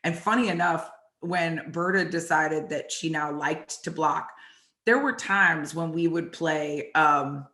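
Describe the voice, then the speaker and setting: A woman hosting and telling animated stories about her football days, acting out the lines people said. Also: low-pitched, slow pace. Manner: animated, acts out quotes from the story. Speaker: host and former football player. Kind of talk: storytelling chat. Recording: echoey room.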